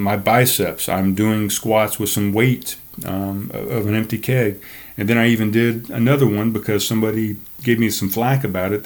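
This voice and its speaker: A middle-aged man hosting his own podcast from a desk, ranting in a fired-up, profane, motivational way. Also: medium pitch. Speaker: podcast host. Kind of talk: casual solo podcast rant. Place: home desk.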